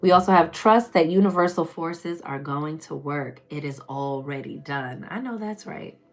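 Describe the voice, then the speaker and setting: Deep-voiced tarot lady preaching to her viewers, calls everyone baby, gets loud then mutters, soft music behind. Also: moderate pace. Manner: chatty and preachy, calls listeners baby and y'all; swings between loud emphatic bursts and low murmurs. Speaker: tarot reader. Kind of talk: casual spiritual reading on a live stream.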